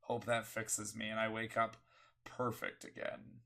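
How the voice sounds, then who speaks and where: Young guy, sick and hoarse, gravelly and bright, rambling casual co-host. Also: lowish voice, monotone, measured pace. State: sick with a cough, voice worn. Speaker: streamer and podcast co-host. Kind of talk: casual chat.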